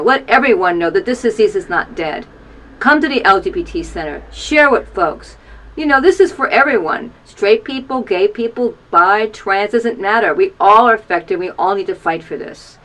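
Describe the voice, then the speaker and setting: A woman's voice: a bit bright, rough recording. Earnest woman in her fifties, urging. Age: 50s. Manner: earnest and urging, repeats calls to action; emotional, voice drops low at times. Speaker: storyteller sharing an HIV testimony. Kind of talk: personal testimony to camera. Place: small video booth.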